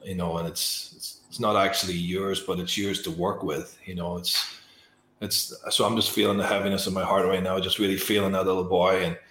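A male host, speaking slowly and softly as he reflects emotionally on what his guest shared. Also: deep voice, flat delivery, roomy sound, a little hiss or hum. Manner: slow, soft and emotionally reflective. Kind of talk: reflective interview talk.

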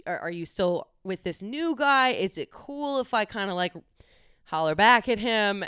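A woman's voice: fairly low pitch, fairly bright tone, clean tone, no echo, clean studio sound. A young woman talking candidly on her own, chatty and casual, with frequent swearing. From United States. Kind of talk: casual solo monologue.

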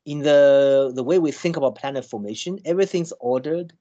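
Halting man explaining with many restarts. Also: mid-range voice, warm tone, dull audio. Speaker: scientist guest. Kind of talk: conversational explanation.

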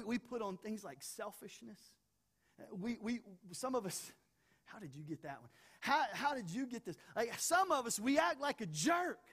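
Male pastor, sermon delivery, animated, joking asides, repeats words for build. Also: high voice.

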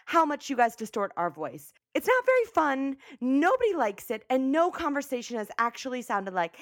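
A woman's voice: on the high side, very animated, brisk, hardly any pauses, no room sound, clean studio sound. A young woman hosting a comedy podcast, rambling and self-mocking in a bubbly way. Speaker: podcast host. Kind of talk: comedy podcast monologue and sketch.

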